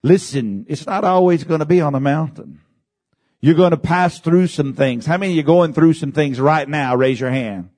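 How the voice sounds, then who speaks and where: A male pastor delivering a sermon, calling out to the congregation and rising to shouts at the peaks. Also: normal speed. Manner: preaching with big swings in pitch, shouting at peaks; addresses congregation with calls of amen.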